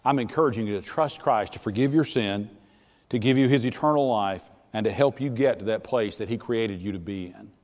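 Folksy pastor preaching. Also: male voice, lowish voice, a little fast. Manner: folksy, plainspoken, earnest, swings from soft to loud. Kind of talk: sermon. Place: church sanctuary. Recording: church sanctuary with long reverb.

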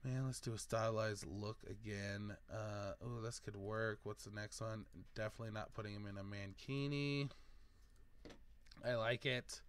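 A man's voice: on the low side, steady tone, normal speed, slight background noise. A man hosting a gaming video, chatting casually and thinking aloud as he picks options. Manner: rambling, thinking aloud while choosing options. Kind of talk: casual let's-play commentary.

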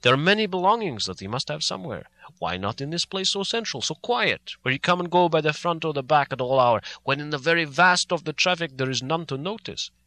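Old foreign professor, read by a man; earnest, bright-toned, persuasive. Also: fairly high pitch, animated, a little fast, no echo. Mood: grave. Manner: earnest, reasoning, broken formal phrasing.

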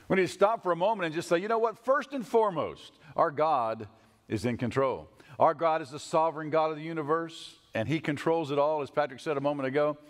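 A male pastor delivers an animated sermon, his voice pitched somewhat high. He swings up for emphasis and sinks low and slow on key words. The sound carries a long church reverb. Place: church sanctuary.

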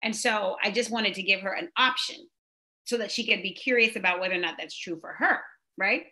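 A woman's voice: medium pitch, brisk. A middle-aged woman hosting a casual conversation about parenting, telling stories and acting out the exchanges she quotes. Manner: animated storyteller, acts out quoted exchanges. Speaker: host.

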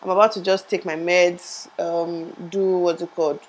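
Chatty young woman with a lowish voice. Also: level tone, normal speed, poor audio. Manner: rambling, chatty, laughs at herself. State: in pain after tooth surgery, speech a bit muffled. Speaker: vlogger. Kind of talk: casual vlog chat. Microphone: lapel mic.

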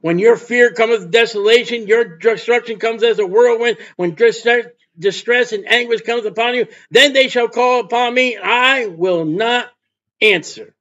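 A man's voice: very high-pitched, measured pace, fairly bright tone, muffled recording. A man preaching a fervent sermon as a street preacher. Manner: fervent, mocking laughter when imitating scoffers.

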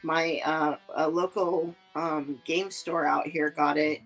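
A woman with a fairly low voice chats casually on a podcast, rambling through her story with plenty of fillers and restarts. Faint music plays behind her. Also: fairly even intonation, slow pace, rough recording. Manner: rambling, filler-heavy, lots of "like" and "um". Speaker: podcast co-host. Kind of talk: casual chat.

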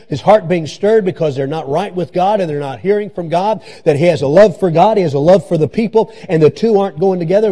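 A man delivers a church sermon in a fairly high register. His tone is mellow rather than bright, and he preaches with emphatic repetition, circling back to the same phrases to press them home. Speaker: pastor. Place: church sanctuary.

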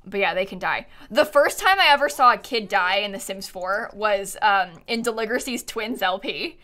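A chatty young woman streaming a game from her desk, her voice bright and clear. She swings up and down a lot as she talks and keeps breaking into giggles. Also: medium pitch, expressive, moderate pace. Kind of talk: casual live-stream chat while playing a life-sim game.

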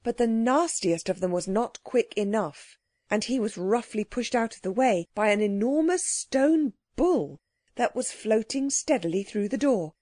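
A woman narrating a children's audiobook with clear, expressive storytelling. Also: a little high, unhurried, no echo, clean studio sound.

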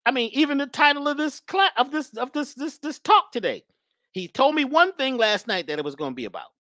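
A woman's voice: sits high, big pitch swings, brisk, a bit bright, dry recording, studio quality. A woman giving an emphatic spiritual talk in a preachy manner, often repeating her phrases. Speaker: spiritual speaker.

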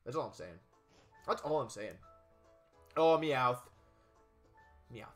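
A young man giving casual, chatty commentary while playing a video game, excitable with jokey asides. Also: mid-range voice, takes it slowly, soft background music. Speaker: let's play gamer.

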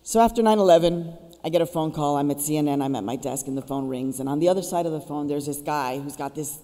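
Woman keynote speaker, storytelling, urging, mellow tone, long hall echo. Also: sits low, quick pace. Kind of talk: public speech. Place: school auditorium. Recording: reverberant auditorium.

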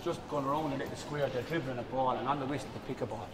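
A man's voice: mid-range voice, steady tone, rapid-fire, echoey room, big-room sound, background noise. A man coaching a hurling session, calling out short instructions and encouragement, then answering coaches' questions. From Ireland. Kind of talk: outdoor coaching drill then Q&A.

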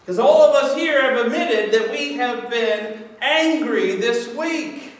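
A man's voice: very high-pitched, takes it slowly. A man preaching a sermon as pastor, conversational and jokey, acting out people's excuses. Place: church sanctuary. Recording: echoey church hall from far off.

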